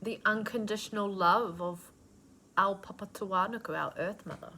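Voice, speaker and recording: A woman's voice: mid-range voice, steady tone, normal speed, bright, forceful tone, slight background noise. A woman giving a channeled spiritual reading, earnest and nurturing, with casual swearing mixed into her affirmations. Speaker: intuitive reader.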